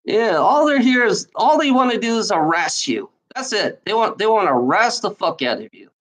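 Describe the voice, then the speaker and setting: A man in the middle of an angry, profane rant to the camera. He stammers and restarts sentences again and again, and his pitch swings widely as he talks. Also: very animated, moderate pace, a bit bright, rough recording. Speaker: video maker.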